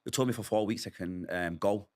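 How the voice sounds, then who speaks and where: With a darkish, fairly low voice and a brisk pace, a middle-aged man testifies about his own difficult past in an interview. He opens up emotionally and mimics the people in his story.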